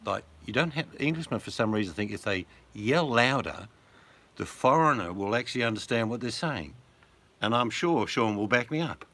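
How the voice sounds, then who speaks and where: An older Australian man chatting casually, a rambling storyteller who chuckles and slips into loud put-on voices in his anecdotes. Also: medium pitch, animated, normal speed. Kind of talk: casual chat.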